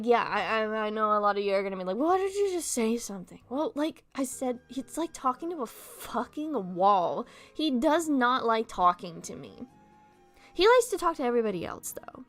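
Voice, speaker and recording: A woman's voice: a little high, lively intonation, normal speed, a bit bright, faint music behind. Venting young woman with a speech impediment. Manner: candid, venting, swears freely, trips over words. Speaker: streamer chatting with viewers. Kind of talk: casual chat.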